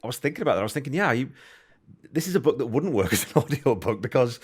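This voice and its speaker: A man's voice: mid-range voice, expressive, rapid-fire, breathy edge. A man hosting a podcast interview, enthusiastic and conversational, thinking aloud as he asks questions. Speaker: podcast host. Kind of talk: casual interview chat.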